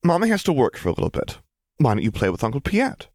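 Man raising his voice into a no-nonsense mom, brisk and firm, dry close sound. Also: medium pitch, wildly swooping pitch, a little mellow, dry recording, pitched above the performer's own voice. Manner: firm, crisp commands. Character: stern but fond young mother, brisk. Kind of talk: audiobook character voice.

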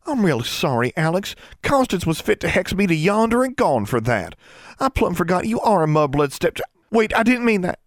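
A man voicing an earnest young rural girl who talks in a folksy backcountry dialect, high and pleading. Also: very animated, moderate pace, no room sound, studio quality.

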